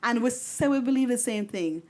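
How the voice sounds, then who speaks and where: A woman's voice: a little high, expressive, normal speed, darkish tone. A woman singer-songwriter as a radio interview guest, speaking earnestly and emphatically, often repeating phrases while she gathers her thoughts.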